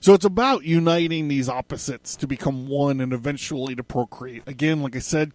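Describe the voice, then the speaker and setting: A man's voice: mid-range voice, brisk, hardly any pauses, no echo. A man hosting a podcast, talking in a rambling, profane way that often stops to correct itself. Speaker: podcast host. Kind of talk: casual podcast monologue.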